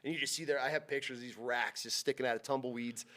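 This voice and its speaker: A man who works as a hunting guide, from Utah, spinning a long story in relaxed podcast talk. He swears freely, drops to a whisper for tense moments and leaps up high when he acts out the others, his voice sitting at a middle pitch. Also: fast. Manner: animated, swearing, acts out quotes with big pitch jumps and whispers. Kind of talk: casual storytelling.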